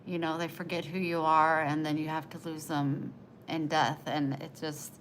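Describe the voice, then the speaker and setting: A woman's voice: low voice, flat delivery, moderate pace, slight background noise, low-quality recording. A woman livestreaming, chatting with her viewers in a tender, emotional, rambling way. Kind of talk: casual live chat.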